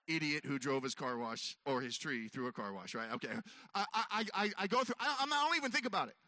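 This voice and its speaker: Animated high-voiced man doing stand-up. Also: quick pace, no room sound. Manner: animated, self-mocking, acts out voices. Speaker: comedian telling a story. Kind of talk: stand-up storytelling.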